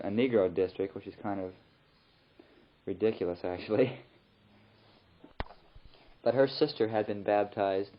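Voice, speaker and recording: A young missionary man recording a rambling, relaxed spoken letter home in his flat. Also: on the low side, a little hiss or hum. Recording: muffled old tape recording.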